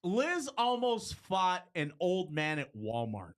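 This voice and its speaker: A man's voice: high-pitched, huge pitch swings, takes it slowly. A man co-hosting a podcast, teasing his co-host in casual chat. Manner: teasing, interjecting.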